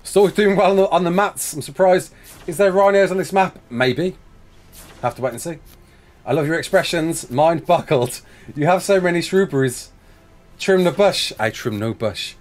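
A man's voice: fairly high pitch, normal speed. Chatty male gameplay streamer. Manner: chatty, reads chat aloud, talks himself through building. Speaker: live streamer. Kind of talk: casual gameplay live-stream chat.

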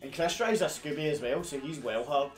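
A man's voice: a little high, a little fast. Scottish man, laughing banter in an echoey garage. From Scotland. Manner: laughs often, swears freely, teasing. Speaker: podcast co-host. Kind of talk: casual banter over beers. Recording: echoey garage with music behind.

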